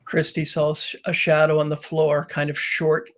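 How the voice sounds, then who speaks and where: Halting man explaining ghost-hunting tools. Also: on the high side, monotone, a bit bright. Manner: halting, many restarts and fillers, explanatory. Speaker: paranormal investigator on a panel. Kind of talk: live panel commentary.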